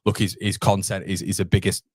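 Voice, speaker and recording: A young man hosting a casual live fan stream, chatting with viewers and reading their comments, matey and quick to laugh. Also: low voice, level tone, darkish tone, no room sound, clean studio sound. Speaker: fan channel host reading live chat. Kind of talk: casual live watchalong chat.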